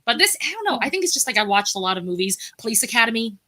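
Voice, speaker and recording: Very bright-voiced chatty woman guest. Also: fairly high pitch, big pitch swings, racing. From Brooklyn, New York. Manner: chatty and rambling, many filler words. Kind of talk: casual chat on a live-streamed talk show.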